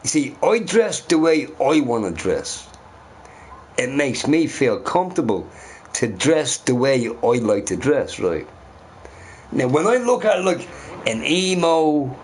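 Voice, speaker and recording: A man's voice: mid-range voice, slightly rough. A man in a casual ranting monologue who swears a lot and keeps asking his listeners "right?". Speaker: vlogger.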